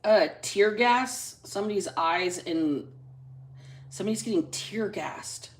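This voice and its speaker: Woman reading dice live on her phone, chatty and salty, drags words out then rushes. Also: mid-range voice. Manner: chatty, drawls single words then talks fast. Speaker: psychic reader hosting a live stream. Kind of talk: casual live-stream tarot reading. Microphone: phone camera.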